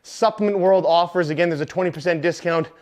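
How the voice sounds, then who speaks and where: Young guy fitness coach, kinda high voice, counting reps out loud, laid back and a bit rambly. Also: fast talker. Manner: casual, counts reps aloud while exercising; apologetic asides, filler words. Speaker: fitness trainer. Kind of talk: home workout instruction.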